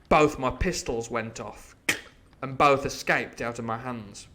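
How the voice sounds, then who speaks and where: A man reading a classic adventure novel aloud as host of a live stream, with animated, jokey asides. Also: medium pitch, a little slow. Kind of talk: storybook reading with live commentary.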